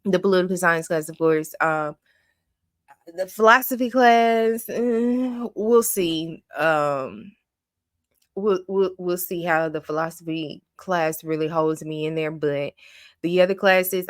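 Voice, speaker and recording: A woman with a fairly low voice recaps a reality show in casual, blunt commentary. She rants with open exasperation and strong opinions. Her voice sounds dry and close, with no room echo. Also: takes it slowly.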